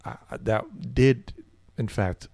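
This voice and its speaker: A man's voice: fairly low pitch, slow, a little mellow, dry recording. A man telling a comedic story in casual chat, rambling and hesitant, with stammering restarts. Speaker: storyteller guest.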